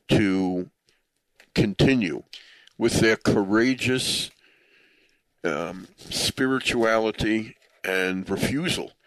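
The recording is low in quality and echo-free, carrying a man's fairly low, fairly bright voice. He shares a personal story with listeners in a sincere, thoughtful way, easily choking up and using Hebrew and Yiddish religious words.

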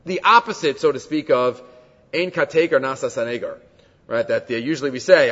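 A man's voice: medium pitch, fairly quick, a bit bright. A man teaching a Talmud class, explaining texts, dropping Hebrew terms into his English and checking in with frequent rhetorical questions. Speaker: Torah teacher. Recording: dull lo-fi sound with long hall reverb.

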